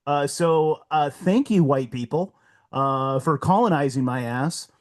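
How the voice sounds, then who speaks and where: A man talking on a casual podcast, his voice sitting a little high. He is blunt and heated, swears constantly and hammers each point home. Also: unhurried. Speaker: podcast guest.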